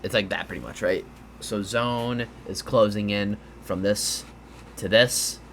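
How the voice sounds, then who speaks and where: An unhurried man on the low side of the pitch range yawns his way through a casual gameplay breakdown. He explains strategy over a map, sounding tired, with fillers, restarts, and a little rambling, plus a faint hiss or hum.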